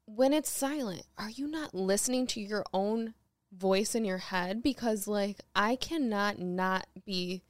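A young woman co-hosting a podcast, telling stories in a lively way and acting out what others said, laughing as she goes. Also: fairly high pitch, no echo, studio quality. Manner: animated storytelling, acts out quotes with laughter. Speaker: podcast co-host. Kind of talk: casual chat.

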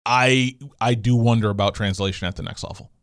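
A man's voice: lowish voice, brisk, no echo, studio quality. Sarcastic man riffing on a sports podcast. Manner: sarcastic, riled up, mocking. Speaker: podcast co-host. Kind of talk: casual sports podcast chat.

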